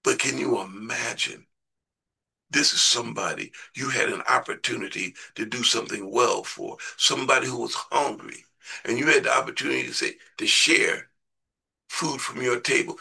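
Gravelly, bright-voiced male preacher. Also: medium pitch, moderate pace. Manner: conversational preaching, repeats words, asks listeners questions. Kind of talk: sermon.

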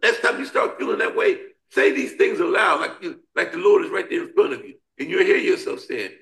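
A man's voice: high voice, very animated, fairly quick, creaky, hardly any pauses, fairly bright tone. Emphatic man leading a Bible study. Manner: call-and-response, repetitive, emphatic preaching cadence. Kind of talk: preaching Bible study discussion. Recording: roomy echo.

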